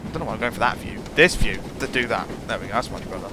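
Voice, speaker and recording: A man's voice: fairly low pitch, expressive, very fast, noisy background. A man giving casual, musing commentary while playing a train simulator, chuckling often. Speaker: gameplay channel host.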